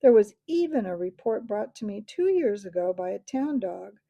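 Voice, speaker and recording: A woman voicing a very old, absent-minded male mouse who keeps records, speaking in a squeak barely above a whisper. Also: very animated, moderate pace, vocal fry, mellow, no room sound. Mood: grave.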